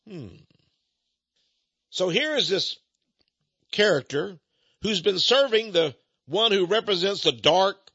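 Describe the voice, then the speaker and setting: A man's voice: high-pitched, slow pace, pauses often, slightly rough, dry recording, muffled recording. A man preaching an impassioned sermon, talking straight to his listeners with rhetorical questions. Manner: animated, rhetorical, addresses listeners directly.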